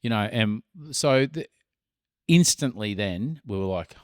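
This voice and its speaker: A middle-aged Australian man co-hosts a podcast, telling stories in casual chat in a fairly low, animated voice. He swears freely and lets pauses stretch out. The sound is clean studio quality with no echo.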